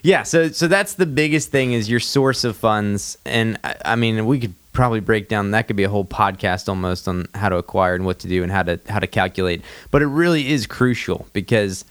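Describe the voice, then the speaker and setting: A man co-hosting a casual podcast. He tells animated anecdotes, acts out his clients and laughs often. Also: lowish voice, fairly quick, hardly any pauses, smooth. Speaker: podcast co-host.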